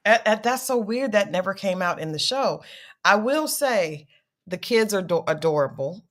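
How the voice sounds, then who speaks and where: A woman's voice: medium pitch, animated, moderate pace. A woman co-hosting a casual reality-show recap, chatty and giggly, with restarts. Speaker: co-host.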